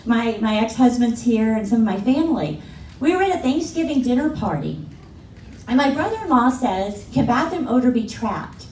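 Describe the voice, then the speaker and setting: A middle-aged woman giving a keynote talk at a conference, telling stories in an animated way and acting out the voices of the people she quotes, often laughing as she speaks. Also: fairly high pitch, moderate pace, recorded from a distance. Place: large conference hall. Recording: echoey hall from afar, faint room noise.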